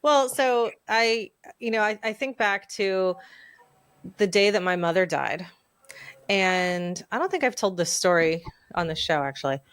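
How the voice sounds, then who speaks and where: A woman in her forties hosts a podcast and speaks with a smooth, clear tone. Her delivery is candid and reflective, and the recording is dry and close. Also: mid-range voice, animated, a bit bright, no echo. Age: 40s. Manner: candid, reflective, speeds up and slows down. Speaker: podcast host. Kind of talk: personal storytelling in a conversation.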